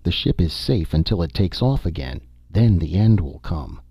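A man's voice: sits low, sing-song, moderate pace, dark tone, husky, no room sound, studio quality, full character voice. A man voicing a woman space explorer, speaking in clipped, irritable lines in an audiobook. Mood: grave. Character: female space explorer, sharp and bitter.

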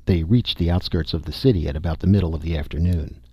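Husky male audiobook narrator, steady delivery, close and dry. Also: low-pitched, quick pace, no room sound. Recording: dull dry recording.

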